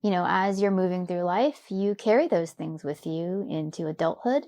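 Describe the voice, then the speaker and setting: Woman, from Louisiana, gravelly, lowish voice, reflective, soft-spoken, personal story. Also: normal speed. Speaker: podcast guest. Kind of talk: personal story in a conversational interview.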